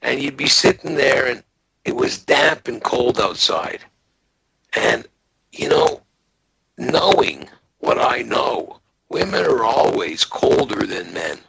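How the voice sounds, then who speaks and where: A man's voice: takes it slowly, low-quality recording. An older man from Montreal, a guest on a phone-in podcast, rambling through a story in a casual way. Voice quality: gravelly, husky voice. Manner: rambling storyteller, lively pitch. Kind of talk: casual call-in chat.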